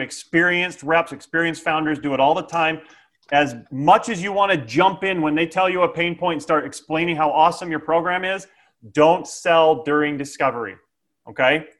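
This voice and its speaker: A man giving a lively, jokey sales training talk, often checking in with "okay?". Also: on the high side.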